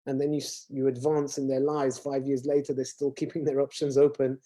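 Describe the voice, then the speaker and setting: A man's voice: medium pitch, little pitch movement, fairly quick, few pauses, dark tone. A man, a rabbi, explaining ideas earnestly in a casual conversation.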